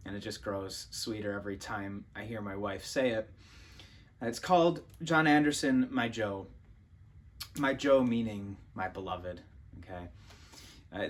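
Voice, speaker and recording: A man's voice: lowish voice, slight background noise. Easygoing man hosting a poetry reading. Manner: relaxed, thinking aloud with fillers and restarts. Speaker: poetry channel host. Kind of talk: casual poetry reading and explanation.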